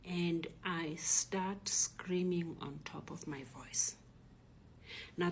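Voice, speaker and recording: A middle-aged South African woman, a Zulu speaker, telling a personal story in a lively way and acting out the other voices. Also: on the low side, slightly rough. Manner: animated retelling, acts out voices and shouts.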